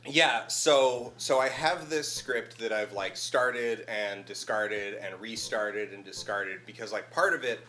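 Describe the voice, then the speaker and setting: Male guest, bright tone, thoughtful rambling explainer, casual chat. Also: fairly low pitch, a little slow, few pauses. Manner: thoughtful, analytical explainer with many "like" fillers. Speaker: guest video essayist. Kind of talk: casual chat on a charity stream.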